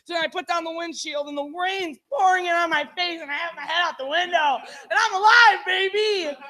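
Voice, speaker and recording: Animated bright-voiced woman doing stand-up. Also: very high voice, a little fast. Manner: animated, acts out quotes with big shouted voices. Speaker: stand-up comedian. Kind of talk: stand-up storytelling. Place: bar stage.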